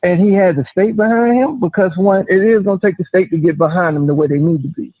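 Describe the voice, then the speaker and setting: A man's voice: high voice, fast talker, dry recording. A man calling in to a live show, making his point emphatically. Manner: emphatic, repeats "you know what I mean". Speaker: caller. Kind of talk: casual call-in chat. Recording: tinny phone line.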